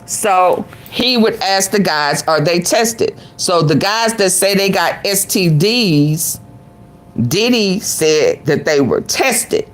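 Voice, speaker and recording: A woman's voice: fairly low pitch, lively intonation, takes it slowly. A woman vlogger giving reaction commentary, sassy and exclamatory, talking back at the clip she plays.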